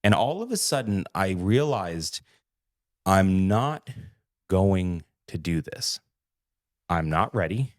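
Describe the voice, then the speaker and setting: A man's voice: low-pitched, sing-song, slow, long pauses. A man co-hosting a podcast, telling a story in a casual way, acting out quoted lines and swearing freely. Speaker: podcast co-host.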